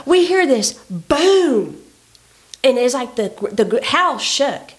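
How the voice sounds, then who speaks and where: A woman with a somewhat high voice tells a story in casual chat. She is animated and indignant and uses plenty of fillers as she goes. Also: takes it slowly.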